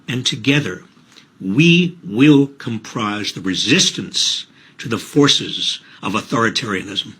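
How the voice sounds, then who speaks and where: A man's voice: on the low side, lively intonation, sharp tone, slightly rough. Solemn man reading a prepared statement. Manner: measured, solemn. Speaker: politician.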